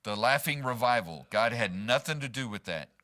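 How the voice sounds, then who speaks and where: A man preaches as pastor in a church sanctuary, animated and sharp-toned, with medium pitch and normal speed. He chats with the congregation, frequently throwing in "right?"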